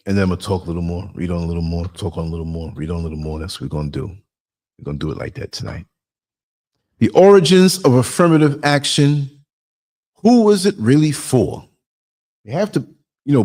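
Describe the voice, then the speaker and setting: A man's voice: deep voice, a little mellow. Chatty man hosting a livestream. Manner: chatty, laughs often, reads out chat comments. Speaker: podcast host. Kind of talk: casual livestream talk.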